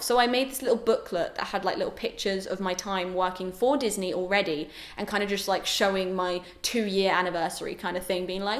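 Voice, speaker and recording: A young adult woman chatting casually to camera as a vlogger, animated and exclaiming. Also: medium pitch, fast talker, hardly any pauses. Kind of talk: casual vlog chat. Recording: roomy echo.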